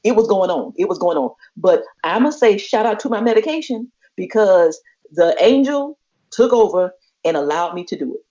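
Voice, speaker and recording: Podcast co-host, woman; lively storyteller who acts out every quote; dull lo-fi sound. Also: mid-range voice, moderate pace. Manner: expressive, acts out quoted voices, laughs often. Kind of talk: animated storytelling chat. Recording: muffled lo-fi podcast audio.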